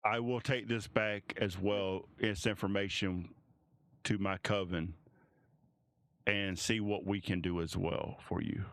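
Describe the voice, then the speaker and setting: A man's voice: low voice, steady tone, slow pace, a bit bright, clean tone, no room sound, clean studio sound, heavily acted. A man doing a grave, earnest king. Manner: earnest, formal speech.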